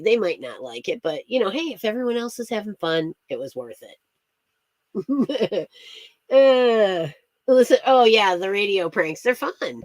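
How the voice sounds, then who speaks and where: A woman's voice: medium pitch, big pitch swings, a little slow, darkish tone, no room sound. A woman chatting casually on a livestream, rambling from story to story, laughing often and greeting viewers by name. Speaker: astrology streamer.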